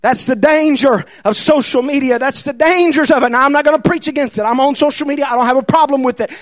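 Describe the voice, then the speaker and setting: A male preacher delivering a fervent, shouted sermon in a church, with lots of repetition. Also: very high voice, fast, no echo.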